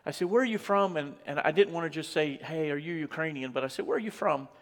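A man preaches a sermon from a church platform in a high, ringing voice. He is emphatic, repeating his phrases and building to high exclamations. His voice trails off into the long reverb of a large sanctuary. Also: fast. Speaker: missionary preacher.

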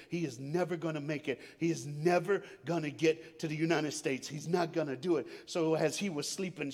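A man preaching a sermon as a dramatic storyteller, swinging from loud to hushed and calling on the crowd to answer back. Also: a little high. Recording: long hall reverb.

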